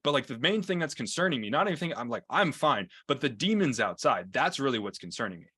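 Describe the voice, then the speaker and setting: A man voicing a young male patient, high on drugs, who earnestly rambles about demons circling the house. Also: very animated, fast, sharp tone, husky, heavily acted. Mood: high, anxious.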